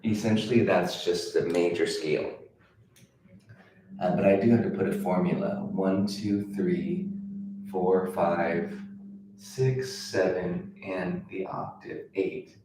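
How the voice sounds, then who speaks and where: Low-voiced and slow, with a dark tone, a middle-aged man teaches guitar on a livestream in a chatty, encouraging way. Fillers and restarts crop up often, and the recording has room echo plus faint noise.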